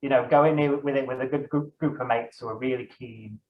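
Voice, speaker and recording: A young man talks casually as an interview guest, rambling and correcting himself as he goes. The room around him is echoey, and the sound is a bit dull and lo-fi. His pitch sits in an ordinary middle range. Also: fairly even intonation, fairly quick. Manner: rambling, self-correcting, many fillers. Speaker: guest, dungeon master.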